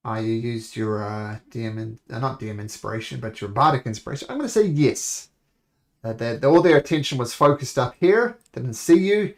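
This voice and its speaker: A man's voice: mid-range voice, fairly quick. A man narrating as game master, rambling along with self-corrections.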